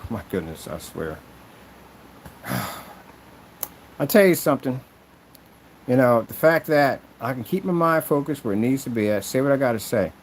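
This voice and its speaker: A medium-pitched man who makes and sells projection screens complains at length in a casual vlog, going around in circles with an aggrieved tone. There's slight background noise, and the recording is rough.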